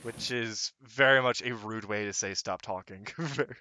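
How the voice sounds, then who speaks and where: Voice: mid-range voice, normal speed, pushed and bright. A game master chatting casually at a tabletop game, stammering, self-deprecating and swearing freely.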